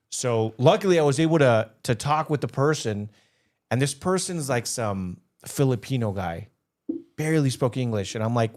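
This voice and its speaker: A man's voice: mid-range voice, moderate pace, a little mellow. Impassioned male podcast co-host. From Los Angeles area. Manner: emotional, repeats words when worked up. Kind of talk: casual podcast chat, storytelling.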